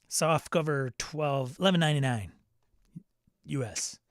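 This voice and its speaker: A man talks through a rundown in a loose, chatty way, reading out listings and then breaking off into asides. His voice sits a little high for a man. The sound is very dry and close, with no room around it. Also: normal speed, no echo. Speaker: podcast host. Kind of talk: casual solo news rundown.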